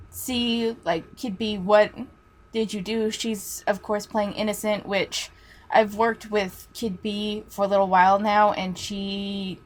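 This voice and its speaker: A woman teacher telling a story in a casual, chatty way, swearing freely. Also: medium pitch.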